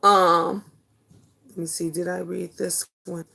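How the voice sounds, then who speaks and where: A woman's voice: fairly low pitch, takes it slowly, vocal fry. A middle-aged woman hosting a casual chat show, telling stories bluntly and with lots of swearing, and reading viewer comments aloud. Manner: blunt, animated storytelling with profanity. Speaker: talk show host.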